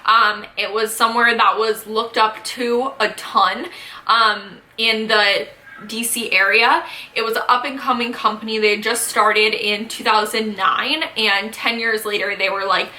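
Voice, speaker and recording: Bright-voiced young woman vlogging. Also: on the high side, fairly even intonation, a little slow, reverberant. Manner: chatty, filler-heavy, frequent "um" and "like". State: pregnant, slightly out of breath. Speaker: vlogger host. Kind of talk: casual sit-down vlog.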